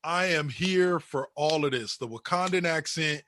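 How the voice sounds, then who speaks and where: A man co-hosting a wrestling podcast in casual chat, animated and slangy, often calling people bro or brother. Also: on the high side, a little slow. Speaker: podcast co-host.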